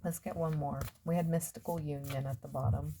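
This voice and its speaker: A woman's voice: sits low, fairly even intonation, fairly quick, mellow, a little hiss or hum. A woman giving a casual tarot reading, musing aloud and trailing off with fillers as she turns over cards. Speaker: tarot reader.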